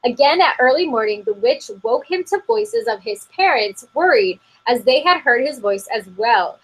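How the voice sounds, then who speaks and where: A woman's voice: high voice, big pitch swings, moderate pace, gravelly, breathy edge, rough recording. A woman co-hosting a podcast, reading a spooky story from an article in a casual, giggly way and often saying "like". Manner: giggly, heavy use of "like". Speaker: podcast co-host. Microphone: remote call.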